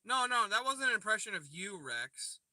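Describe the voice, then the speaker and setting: A man with a high, pushed, bright voice and big pitch swings hosts a casual livestream from a parked car by a river at night, speaking at normal speed. Captured on a phone on the dash with no echo, he jokes, swears, and bants with viewers.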